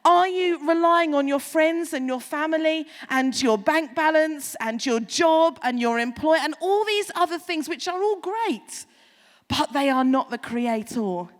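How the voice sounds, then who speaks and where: A woman pastor giving a sermon, chatty and animated, with playful asides to the congregation. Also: high voice, measured pace, big-room sound.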